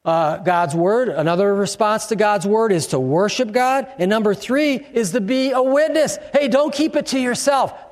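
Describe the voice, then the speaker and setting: An older man preaching a sermon, his voice sitting high and carrying through a church with a long, ringing reverb. He speaks in an animated way and rises to shouts to drive points home. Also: normal speed, hardly any pauses. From Chicago. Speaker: pastor.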